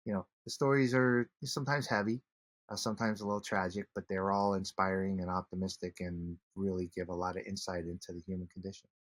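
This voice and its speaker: Low-ish husky guy, earnest storytelling, dry close sound, lots of restarts. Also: steady tone, no room sound. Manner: earnest, halting, many restarts, acts out quoted voices. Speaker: podcast guest, author. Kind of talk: casual storytelling interview.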